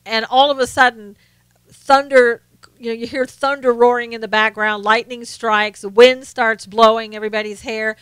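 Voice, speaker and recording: A woman's voice: a little high, steady tone, normal speed, fairly bright tone, smooth, no echo. A woman from the South, hosting a casual live stream, chatting to viewers and often laughing. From American South. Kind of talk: casual political chat reading viewer comments.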